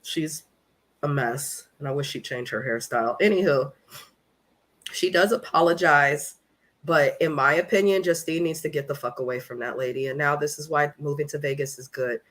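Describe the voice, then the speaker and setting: A woman's voice: sits low, normal speed, a bit bright. A woman from California hosting a casual live recap of a reality show, talking in a blunt, profane and opinionated way.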